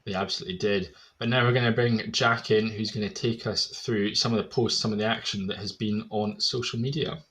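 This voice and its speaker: Brief: male commentator, somewhat low voice, steady live play-by-play. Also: brisk, few pauses. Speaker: sports commentator.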